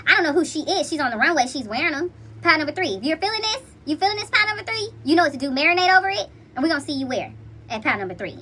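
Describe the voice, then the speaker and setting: A woman's voice: sits high, sharp tone, slight background noise. A woman hosting a casual tarot reading, talking in a playful, slangy and chatty way to her viewers. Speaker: intuitive card reader.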